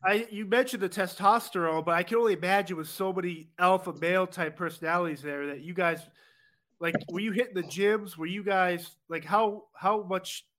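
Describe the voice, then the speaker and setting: A man's voice: sits high, brisk, fairly bright tone. A man hosting a podcast, asking long, rambling questions with hesitant restarts. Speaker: podcast host. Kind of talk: interview questions.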